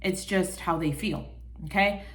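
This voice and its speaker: A woman's voice: on the low side, a little slow. Chatty woman giving casual advice. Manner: chatty, animated, quotes people in little voices; calls the listener baby. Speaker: vlogger giving life advice. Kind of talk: casual talk to camera.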